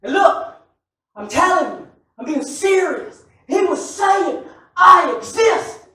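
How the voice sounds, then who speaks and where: A man preaching a sermon to a congregation, animated and often shouting, with joking asides. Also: extremely high pitch, takes it slowly. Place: church sanctuary. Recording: echoey church from far off.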